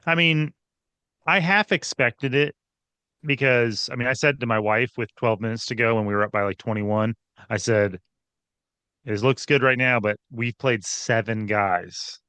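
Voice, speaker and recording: A man co-hosting a basketball recap show, breaking down the game in an animated, casual way with frequent restarts. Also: mid-range voice, unhurried, clean tone, dry recording. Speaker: podcast co-host. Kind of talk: casual sports analysis chat.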